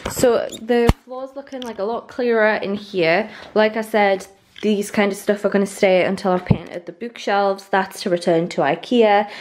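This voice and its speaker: Chatty young woman vlogging at home. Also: mid-range voice. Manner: chatty and rambling, many "like" fillers. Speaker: lifestyle vlogger. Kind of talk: casual vlog chat to camera. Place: indoors in a newly moved-into house.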